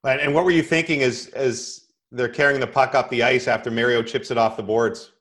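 A male interviewer guides the conversation with conversational questions about an old game. He keeps his replies short between the stories. His voice sits at a middle pitch. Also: fairly even intonation, fairly quick, a bit bright. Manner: conversational, brief affirmations.

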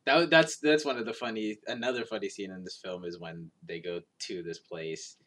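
A man talking casually about a film, halting and repeating words, sometimes dropping to a near-whisper. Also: on the low side, fairly even intonation, fairly bright tone.

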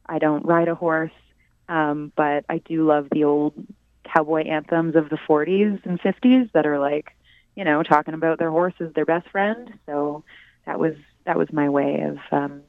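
A woman's voice: low-pitched, steady tone, normal speed, dry recording. A Canadian singer-songwriter in her thirties, chatting in an interview with lots of ums and little laughs. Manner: giggly, hesitant, lots of ums. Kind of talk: casual interview. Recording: dry, phone-like narrow sound.

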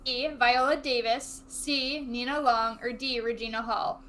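Young woman, quiz host, high voice, sharp bright tone, brisk, faint background noise. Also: steady tone. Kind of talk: reading quiz questions.

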